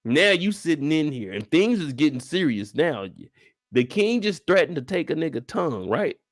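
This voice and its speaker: Man, live recap, slangy casual rambling, fairly high voice, animated pitch. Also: normal speed. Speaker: streamer and show recapper. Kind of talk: live episode recap commentary.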